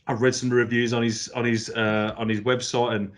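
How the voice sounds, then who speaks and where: A man's voice: medium pitch, flat delivery, moderate pace. A man hosting a casual podcast, chatty and jokey, often restarting his phrases. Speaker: podcast host.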